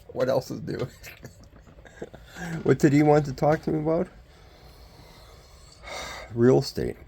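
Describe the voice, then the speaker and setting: A man's voice: medium pitch, gravelly, breathy edge. An older man, ranting in a rambling vlog monologue full of rhetorical questions. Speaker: vlogger.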